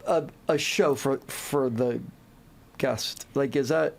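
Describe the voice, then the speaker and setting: A man hosting a podcast interview, asking questions in a halting way with frequent restarts. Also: medium pitch, creaky. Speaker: podcast host.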